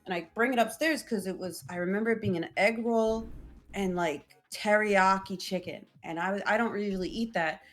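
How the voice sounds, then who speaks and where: A young woman hosting a casual chat, telling family stories in an animated way and imitating her parents in raised voices. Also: medium pitch, normal speed, faint music behind. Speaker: vtuber host.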